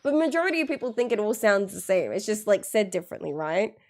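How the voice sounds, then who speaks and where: A woman's voice: medium pitch, big pitch swings, a little mellow. A woman streaming a game live, chatting and laughing with viewers, with a blocked nose. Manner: chatty, giggly, repeats words slowly to show sounds. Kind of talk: casual live stream chat.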